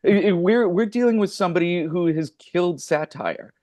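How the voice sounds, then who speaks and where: Wry male comedian, slightly high voice. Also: moderate pace, a little mellow, dry recording. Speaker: comedian guest. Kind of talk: comic banter.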